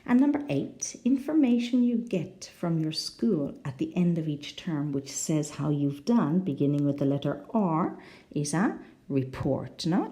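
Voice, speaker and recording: A woman's voice: low-pitched, mellow. A woman teaching an English lesson on video, modelling pronunciation and often checking in with "no?". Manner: slow, drawn-out words with big rises and falls, modelling pronunciation; checks in with the learner using "no?".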